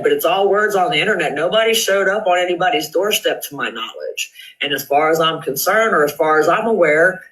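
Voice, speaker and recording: A man hosts a live stream and walks through social media drama in casual commentary. His voice sits slightly high and sounds very bright. He reads posts aloud and hammers a point by asking the same question again. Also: low-quality recording. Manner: reads screenshots aloud, repeats questions for emphasis.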